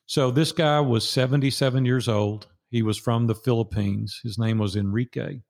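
Gravelly-voiced older man telling a story. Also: mid-range voice, fairly even intonation, moderate pace, a little mellow. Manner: earnest, preacherly storyteller acting out dialogue. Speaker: guest. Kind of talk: storytelling in an interview.

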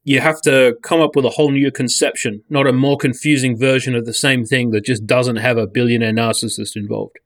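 A man's voice: mid-range voice, steady tone, a little fast, hardly any pauses, no room sound, studio quality. A man in casual podcast chat, blunt and sweary, often restarting his sentences.

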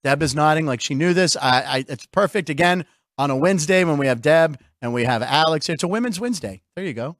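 A man hosting a comedy sports show from a studio, talking in jokey, animated banter. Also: on the high side, fast talker, no room sound. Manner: animated, jokey, puts on mock announcer voices. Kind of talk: joking radio-style banter.

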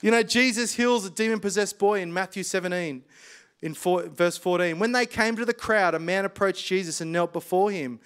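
A man, preaching a casual sermon full of stories, chatty and quick to laugh. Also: high voice, a bit bright, clear, resonant tone. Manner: chatty, laughs often, colloquial.

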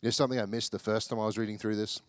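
A man's voice: fairly low pitch, flat delivery, very fast, dry recording, clean studio sound. A young man giving a casual, joking sermon, acting out the people in a Bible story as he reads. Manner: chatty, self-deprecating, acts out the people in the story.

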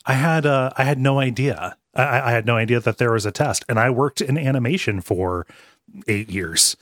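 Man, podcast co-host, stammering restarts, giggly, mid pitch, dry sound. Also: moderate pace, fairly bright tone, no room sound. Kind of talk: casual chat recapping an episode.

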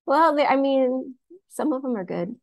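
A woman's voice: high voice, animated, moderate pace. A woman co-hosting a podcast in casual chat. She is easygoing and agreeable and laughs along with her partner. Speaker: podcast co-host.

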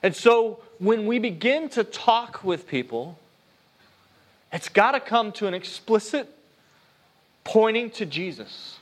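A man's voice: sits high, sing-song, slow, long pauses. A man preaching a sermon as pastor, earnest and conversational, often restarting his sentences. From United States.

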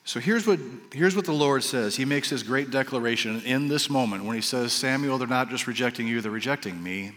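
A man preaching a sermon to his congregation. He acts out the voices of the people in the story and drops into soft, quiet asides. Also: medium pitch, fairly quick, hardly any pauses. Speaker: pastor. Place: church sanctuary. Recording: reverberant hall.

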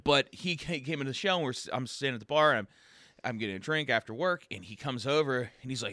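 A man's voice: medium pitch, animated, fast talker, pushed and bright, no room sound, studio quality. A man, a comedian and open mic host, chatting casually on a podcast and rambling with lots of fillers. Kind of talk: casual podcast chat, storytelling.

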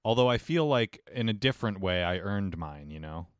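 Man, casual chat, dry teasing humor, somewhat low voice, dry close sound. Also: lively intonation, moderate pace, smooth, dry recording. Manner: dry, teasing humor with mock-serious remarks.

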